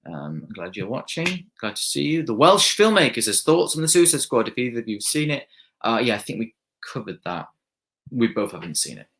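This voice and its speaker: A man's voice: mid-range voice, big pitch swings, brisk, fairly bright tone. A young man hosting a live stream, reading viewer comments aloud and rambling casually with lots of fillers and restarts.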